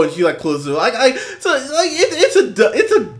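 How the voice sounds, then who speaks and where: A man who co-hosts a movie podcast and reviews films chats casually and with exasperation, swearing a lot and restarting often. His pitch swings hugely and his pace runs a little fast, and he acts out quotes in high, mocking voices.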